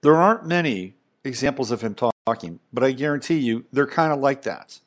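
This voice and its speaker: A man's voice: mid-range voice, lively intonation, moderate pace. Rambling, emphatic male podcast host. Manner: rambling, emphatic, conversational, with frequent asides. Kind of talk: casual monologue commentary.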